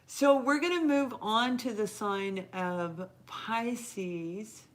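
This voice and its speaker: A woman's voice: fairly high pitch, extremely slow. A middle-aged woman giving a live tarot reading as host, talking earnestly and encouragingly straight to her viewers and stretching out the words she stresses.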